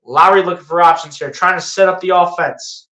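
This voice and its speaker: An excitable fan calls basketball play-by-play live with a bright, forward tone. The voice rings in a roomy, echoey space. Calm calls keep turning into sarcastic jabs and pleading outbursts. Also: medium pitch, a little fast. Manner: excitable, rises into sarcastic rants and pleas.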